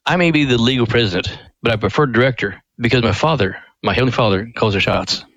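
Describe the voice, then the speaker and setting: A man's voice: mid-range voice, fast, no echo, poor audio. An older man, a ministry's president, telling an earnest story as a guest in an interview. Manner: earnest, animated when acting out quotes.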